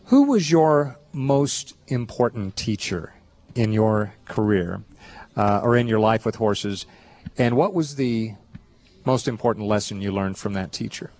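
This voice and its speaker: A man hosting a live horse show, interviewing his guest in a thoughtful, halting way with frequent restarts. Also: lowish voice, animated, a little mellow. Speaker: show host.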